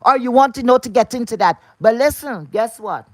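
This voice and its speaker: A woman with a lilt tears into someone in a heated, foul-mouthed vlog rant, scolding and confrontational throughout. Her voice sits a little high, and the recording is dry and close with almost no room sound. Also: expressive, normal speed, dry recording. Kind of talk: angry rant to camera.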